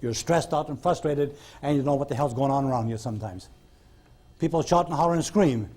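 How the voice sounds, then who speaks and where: A man's voice: mid-range voice, fairly quick, a little mellow. A man teaching a hypnosis class in blunt, folksy style, acting out talks with his clients. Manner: folksy, blunt storytelling, acts out dialogue with clients. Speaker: hypnosis instructor. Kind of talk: recorded classroom lecture. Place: lecture room with audience.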